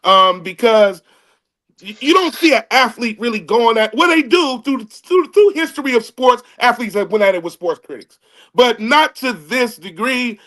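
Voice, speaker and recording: A man's voice: very high voice, moderate pace. A man arguing in a casual podcast debate over a video call, restarting his words often. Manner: animated, stammering restarts. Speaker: comedian panelist. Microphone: remote video call.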